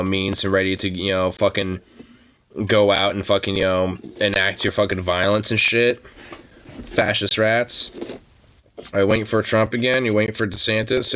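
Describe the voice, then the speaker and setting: A man's voice: fairly low pitch, a bit bright, clean tone. A man ranting casually about politics, profane and rambling, with lots of filler words. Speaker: podcast host.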